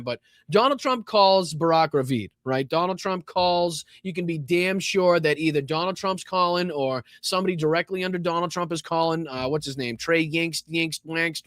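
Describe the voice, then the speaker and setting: A man's voice: a little high, fairly bright tone, no echo. Sarcastic, swearing Boston man commentator. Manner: sarcastic, profane, laughing asides. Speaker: political commentary host. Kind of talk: live political commentary.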